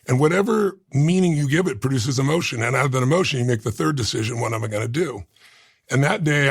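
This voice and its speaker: A man's voice: mid-range voice, vocal fry, breathy edge, no echo, clean studio sound. A man, an interview guest, telling an emotional personal story and acting out remembered thoughts and dialogue. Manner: fillers and restarts, voice catches when moved.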